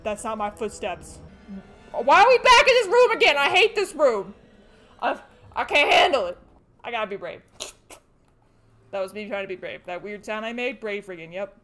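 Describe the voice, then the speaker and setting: A woman streaming a horror video game, giving jumpy, excitable commentary and shouting back at the game's characters when she gets scared. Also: medium pitch, normal speed, pauses often, soft background music. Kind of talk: let's play commentary.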